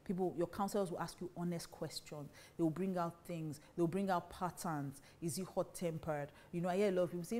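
A woman preaches at a quick clip, firing question after question at her listeners. Her voice sits mellow and warm rather than bright, and she teaches on marriage with emphatic conviction. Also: on the low side. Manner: emphatic, fires rhetorical questions. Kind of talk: preaching talk to women.

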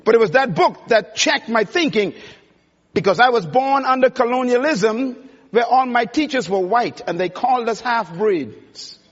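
A man gives an emphatic, preacherly motivational speech in a large conference hall, speaking straight to the audience. His voice is strikingly high. The sound is dull and rings in a long hall reverb. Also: normal speed.

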